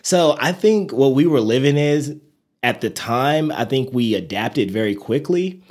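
Animated man telling stories. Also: medium pitch, a little slow. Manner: animated storyteller, quotes people in lively voices, many fillers. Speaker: nurse and interview guest. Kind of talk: casual storytelling in an interview.

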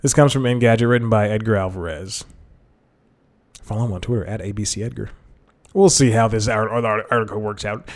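Man, solo podcast host, somewhat low voice, rambling, self-correcting, chuckling asides, desk mic. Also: steady tone, brisk. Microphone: headphones and desk mic.

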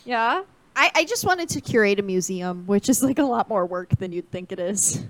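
A woman co-hosting a casual podcast who talks in an animated, jokey way and tells stories with exaggeration. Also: mid-range voice, moderate pace, no room sound. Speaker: podcast co-host. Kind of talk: casual chat.

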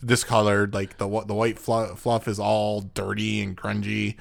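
A man's voice: on the low side, completely flat delivery, normal speed, creaky. A man in casual chat, chiming in on a movie recap with agreement and quoted lines. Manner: laid-back, chimes in with agreement and quoted lines. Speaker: movie podcast co-host.

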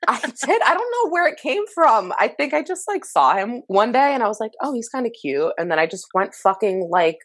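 A woman's voice: on the high side, very animated, fairly quick, few pauses, fairly bright tone, no echo. A woman co-hosting a casual chat, blunt, swearing a lot and laughing often.

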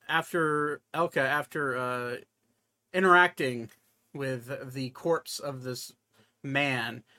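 Man running a tabletop game, halting. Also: fairly high pitch, sharp tone. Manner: halting, with many filler sounds and restarts. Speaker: game master.

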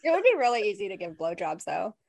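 A woman in a casual chat with a friend, relaxed and quick to laugh, with many fillers. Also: medium pitch, vocal fry, no echo.

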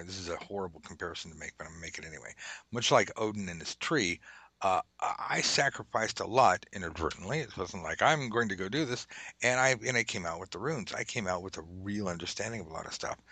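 Middle-aged guy hosting a podcast, low husky voice, blunt and swears a lot, dry close sound. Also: pushed and bright, no room sound. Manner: blunt, profane and self-mocking. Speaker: podcast host and tarot teacher. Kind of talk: casual podcast chat.

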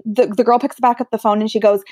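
A woman's voice: on the high side, fast talker, no echo, clean studio sound. A woman who works as a medium, telling stories in a casual interview and acting out the voices she quotes. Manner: animated, acts out quoted voices. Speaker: medium, guest.

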